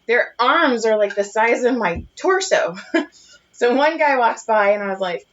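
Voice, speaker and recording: A woman's voice: fairly high pitch, measured pace. Profane storytelling woman podcast co-host. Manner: animated, profane, laughs at her own stories. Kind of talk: casual storytelling chat. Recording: muffled lo-fi podcast audio.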